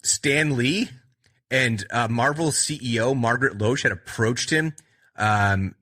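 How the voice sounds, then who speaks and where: A man's voice: mid-range voice, a little slow, pushed and bright. A man hosting a podcast, retelling a movie in a loose, rambling way with lots of fillers and restarts. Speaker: podcast host.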